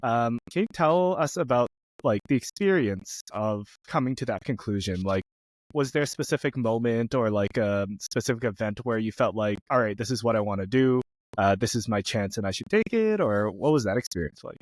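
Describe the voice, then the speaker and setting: A man's voice: medium pitch, animated, normal speed, dry recording. A man hosting a podcast, easygoing, asking a guest long questions. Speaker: podcast host. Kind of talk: casual interview chat.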